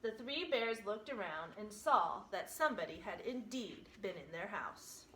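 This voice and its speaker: A woman teacher reading a picture book aloud with expressive, animated storytelling. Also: mid-range voice, measured pace, echoey room, slight background noise, rough recording.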